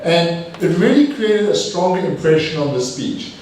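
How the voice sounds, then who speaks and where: A man's voice: a little high, moderate pace, slight background noise. Man giving a speech evaluation, echoey room. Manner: energetic, repeats phrases for emphasis, self-correcting. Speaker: language evaluator at a speaking club. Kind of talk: live speech evaluation to an audience. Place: meeting room with audience. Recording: echoey room, mic far off.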